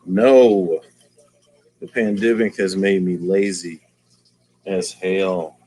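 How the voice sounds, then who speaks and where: A man's voice: low-pitched, fairly even intonation, takes it slowly, warm tone, husky. A man hosting a casual aquarium livestream, talking in slang and greeting viewers by name.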